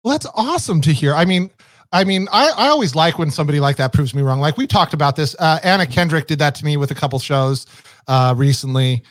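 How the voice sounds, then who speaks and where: A man's voice: on the high side, fast, dry recording. A man co-hosting a casual chat, teasing his partner playfully and stumbling over restarts. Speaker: podcast co-host.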